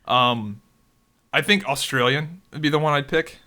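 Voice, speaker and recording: A man's voice: a little high, unhurried, bright, forceful tone. A man co-hosting a podcast in casual chat, wry, sarcastic and profane.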